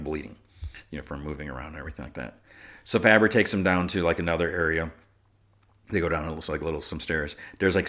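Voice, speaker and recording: A man's voice: low-pitched, a bit bright. A man hosting a podcast, recapping a TV episode in a rambling, casual way full of fillers. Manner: rambling, filler-heavy retelling with quoted lines. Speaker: podcast host.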